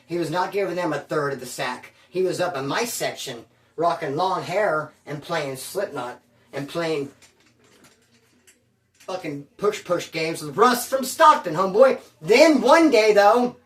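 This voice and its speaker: A man's voice: high-pitched, a bit bright. A man who served time, telling a prison story in casual street slang, swearing freely and acting out what people said. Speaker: former inmate storyteller. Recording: roomy echo, distant mic.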